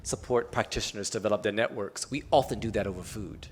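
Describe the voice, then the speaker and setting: A man's voice: on the low side, fast talker, a little hiss or hum. A man speaking on a panel at an arts event in a loose, conversational way, with many filler words. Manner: relaxed and loose, with frequent "um" and "kinda" fillers. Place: public talk at an arts event.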